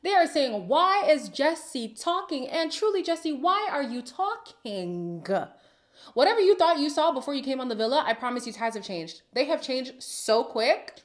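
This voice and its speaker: A woman hosting a reality TV recap who reacts in a sassy, dramatic way, with sighs and sudden whispers. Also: high voice. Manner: sassy and opinionated. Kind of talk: casual reaction commentary.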